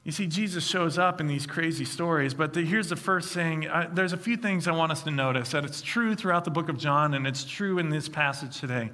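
A man preaching a sermon, reading scripture and then retelling it in a lively, conversational way with acted-out quotes. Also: fairly high pitch, a little fast, few pauses. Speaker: pastor.

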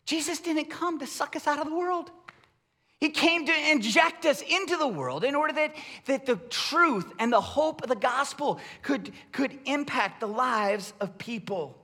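A middle-aged man preaching a sermon as pastor, conversational and animated, rising into emphatic raised bursts. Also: extremely high pitch, a little slow.

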